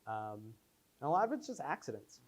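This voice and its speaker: A man's voice: mid-range voice, big pitch swings, a little fast. A man, the filmmaker, telling rambling behind-the-scenes stories with lots of fillers at a Q&A after a screening. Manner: rambling anecdotes, many fillers, acts out quotes. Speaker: filmmaker answering audience questions. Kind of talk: casual post-screening Q&A. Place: screening room before an audience.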